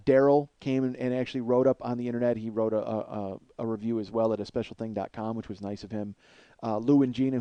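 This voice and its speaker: A man's voice: mid-range voice, dark tone, clear, resonant tone, no echo, muffled recording. A man in his forties hosting a podcast, rambling in a self-deprecating, swear-heavy comedic monologue. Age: 40s. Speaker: podcast host.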